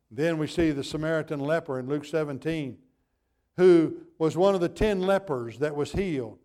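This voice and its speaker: A pastor delivers a sermon in a somewhat high voice for a man. He stacks phrases on top of one another and leans hard into each repetition. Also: darkish tone. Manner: emphatic preaching with building repetition.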